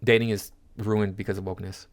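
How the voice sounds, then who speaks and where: Man, low voice, scornful, lecturing, reading posts aloud. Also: level tone, a little fast. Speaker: commentary channel host. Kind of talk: reading and reacting to social media posts.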